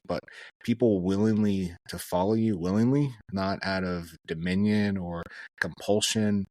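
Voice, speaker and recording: A man's voice: sits low, steady tone, unhurried, dark tone, no room sound. A man, a podcast guest, talking earnestly and reflectively in a casual interview, with plenty of fillers. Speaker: podcast guest, former special forces soldier and chaplain.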